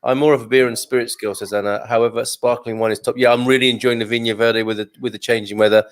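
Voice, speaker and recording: A man's voice: mid-range voice, flat delivery, quick pace. Chatty male host, jokey, reading viewer comments aloud. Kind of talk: casual live-stream chat.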